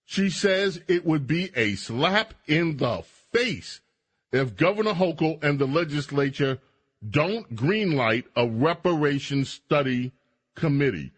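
Male radio talk host, sarcastic commentary, husky voice, lively pitch, slow deliberate delivery. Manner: sarcastic, mocking asides.

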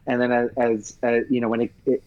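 A man and Broadway actor, telling a personal story in an interview with earnest, halting emotion and frequent restarts. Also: medium pitch, little pitch movement, darkish tone. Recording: dull lo-fi sound.

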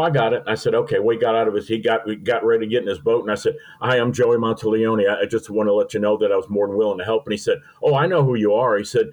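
A man's voice: fairly low pitch, darkish tone, low-quality recording. An older man from Missouri, a guest telling folksy, sentimental stories in an interview. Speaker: podcast guest. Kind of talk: storytelling interview.

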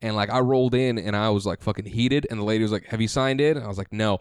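A man co-hosting a podcast tells a story with lots of swearing. He acts out both sides of a phone call as he goes. His voice is smooth and clear, and the sound is close and dry. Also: lowish voice, very fast, no echo. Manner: profane, animated storytelling with acted-out quotes. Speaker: podcast co-host. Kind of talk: casual chat. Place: in New York.

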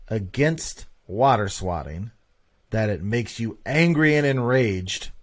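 A man hosting a casual podcast monologue, talking emphatically and repeating points for stress. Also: lowish voice. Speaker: podcast host.

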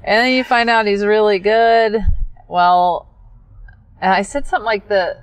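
A middle-aged woman telling stories in a dry, understated way, pausing often on ums in casual chat. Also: medium pitch, smooth, dry recording, rough recording. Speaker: guest.

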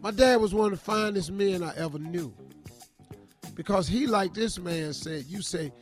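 Brief: tired man, radio co-host, high voice, loud joking banter, faint music bed. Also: moderate pace. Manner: loud, joking, informal Southern Black English phrasing. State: tired from a sleepless night. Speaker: radio co-host giving advice. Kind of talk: casual radio advice banter.

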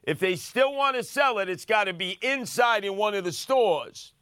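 A man from Brooklyn talks on the radio in a brash, mocking way. His voice sits high, smooth and clear. It is close and dry, with no room sound around it. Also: expressive, normal speed, bright, forceful tone, dry recording. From Brooklyn, New York. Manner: brash, mocking New York street talk. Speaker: radio host. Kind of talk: talk radio banter and commentary.

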